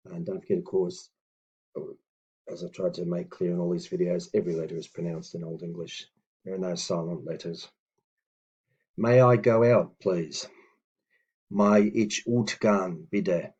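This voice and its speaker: A man teaching old phrases, reading each sentence and then sounding out its translation slowly and carefully, stopping to correct himself. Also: sits low, warm tone, slightly rough, highs cut off. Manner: slow, careful pronunciation of example phrases; self-correcting asides. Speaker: language teacher. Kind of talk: slow spoken language lesson.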